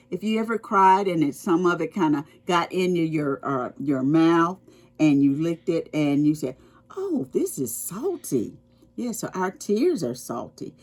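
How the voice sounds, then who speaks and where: A woman reads a picture book to preschoolers, taking her time and pausing to explain. Her voice sits fairly low but swings widely up and down as she tells the story. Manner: expressive, slow and explaining to children. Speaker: children's storytime reader.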